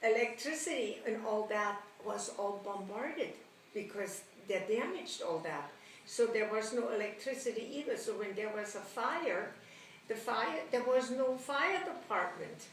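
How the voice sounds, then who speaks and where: A woman's voice: on the high side, measured pace. Older woman, roomy distant sound. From Germany. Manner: animated, laughs often, acts out quotes. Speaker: interviewee recounting childhood. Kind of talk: oral history storytelling. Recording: roomy, distant mic, faint noise.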